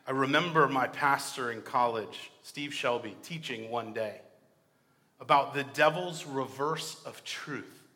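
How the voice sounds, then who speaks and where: A young man preaching a sermon with passion, moving between hushed and loud. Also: mid-range voice. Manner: impassioned, swinging from hushed to loud. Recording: long hall reverb.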